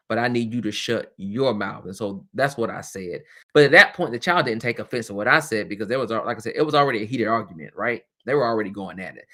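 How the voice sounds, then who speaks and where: Casting note: man, middle-aged, low-pitched, candid webcast host with chatty asides. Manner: candid, lively, laughs often, chatty asides. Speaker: host and former teacher. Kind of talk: casual webcast talk.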